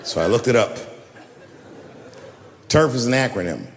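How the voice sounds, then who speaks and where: A man doing a stand-up storytelling set, animated and lively, acting out the other characters in his stories. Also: mid-range voice, measured pace. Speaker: stand-up comedian. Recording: reverberant hall, faint hiss.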